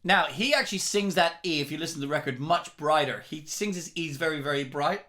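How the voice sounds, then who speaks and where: A man's voice: a little high, brisk, pushed and bright. A man teaching rock singing, explaining technique in a careful, step-by-step way. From England. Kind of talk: vocal lesson.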